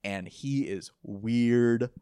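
A man casually recapping an anime episode, rambling and animated, often laughing and quoting the characters. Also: mid-range voice, extremely slow, clean tone, no echo, studio quality. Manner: rambling, animated retelling with laughs and quoted lines. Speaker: podcast co-host recapping an anime. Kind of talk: casual chat.

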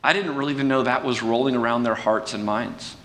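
A man preaching in a relaxed, conversational way, folksy and self-deprecating, with restarts and fillers. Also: fairly quick. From California. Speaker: pastor. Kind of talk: conversational sermon talk. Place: church sanctuary. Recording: distant mic with long hall reverb and faint rumble.

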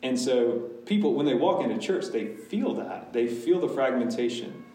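A man's voice: mid-range voice, expressive, normal speed, mellow, far from the mic. Pastor in an echoey room, a man. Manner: candid, talks in restarts and asides. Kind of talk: casual Q&A with a church class.

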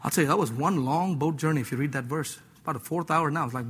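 A male preacher giving an animated, playful sermon, acting out voices, laughing and mixing scripture with casual slang. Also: fairly high pitch, fast, hardly any pauses, slightly rough. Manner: mixes scripture with slang like "dude".

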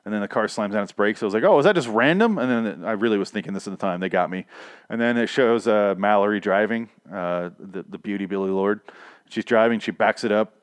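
A man's voice: lowish voice, fairly even intonation, quick pace, clear, resonant tone, no echo. A man casually recapping a TV episode, rambling and profane, laughing at his own asides.

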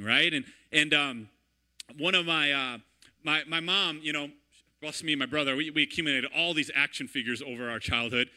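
A man in his thirties preaching a sermon in a lively, conversational way, often checking in with "right?". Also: a little high. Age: 30s. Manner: animated, conversational, repeats "right?" and "all right?". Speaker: pastor.

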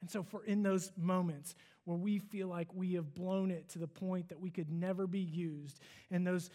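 A man's voice: high-pitched, fairly even intonation, normal speed, dark tone. A man giving a sermon, retelling a story in an earnest, conversational way with casual fillers. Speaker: preacher.

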